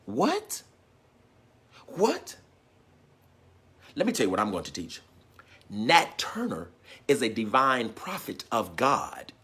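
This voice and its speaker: A man preaching an impassioned sermon. He drives home repeated refrains and calls out to the crowd, often rising to a shout. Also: on the low side, very animated, normal speed, breathy edge. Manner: call-and-response, repeated refrains, swings into shouting. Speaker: teacher and preacher.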